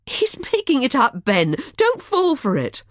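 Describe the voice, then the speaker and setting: A woman's voice: mid-range voice, big pitch swings, moderate pace, breathy edge, no echo, studio quality, pitched above the performer's own voice. A woman voicing an anxious, caring young woman in an audiobook, with urgent, rising questions in a raised voice. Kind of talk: audiobook character voice.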